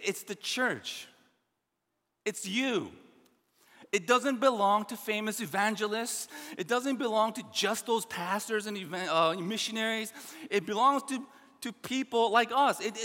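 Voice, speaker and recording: A man preaching a sermon as pastor, emphatic and repetitive, swinging between loud stresses and quiet asides. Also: high-pitched, big-room sound.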